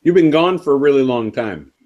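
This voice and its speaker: A man's voice: medium pitch, lively intonation, a little fast, a little mellow, muffled recording. A young man hosting a casual live show, teasing his co-host with dry banter. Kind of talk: casual podcast chat.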